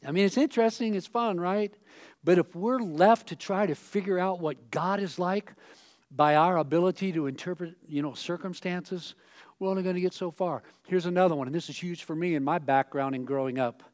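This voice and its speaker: A man pastor giving a sermon on a church stage in a conversational way, acting out quoted voices with sudden loud outbursts. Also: high voice, fairly quick.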